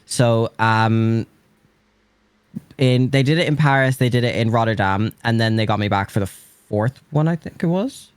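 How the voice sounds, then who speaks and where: A man with an Irish accent talks in a rambling, self-deprecating way. He speaks at a middle pitch, and his voice sits dry and close with no room echo. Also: normal speed, clean tone. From Ireland. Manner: chatty, rambling, self-mocking. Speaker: drag performer guest. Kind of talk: casual chat.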